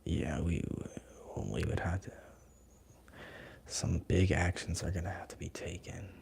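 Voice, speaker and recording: A young man hosting a Reiki live stream, chatting with viewers in a relaxed, slangy half-whisper. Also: sits low, a little slow, gravelly, breathy edge. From United States.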